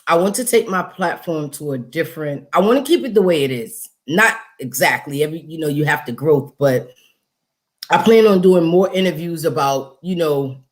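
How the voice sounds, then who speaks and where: Woman hosting a livestream, lively and emphatic, laughs a lot. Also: low-pitched, moderate pace. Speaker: host and interviewer. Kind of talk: casual livestream chat.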